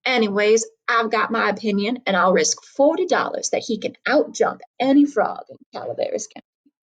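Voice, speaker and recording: A woman's voice: a little high, moderate pace, muffled recording. A woman voicing a sly male frontier gambler who talks in an offhand, folksy drawl.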